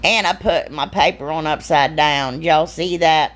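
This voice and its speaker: A woman's voice: low-pitched, measured pace, a bit bright. A woman, narrating her own craft video in a chatty, giggly, self-deprecating way. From Ohio, US. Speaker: DIY crafter, channel host. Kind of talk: casual crafting voice-over.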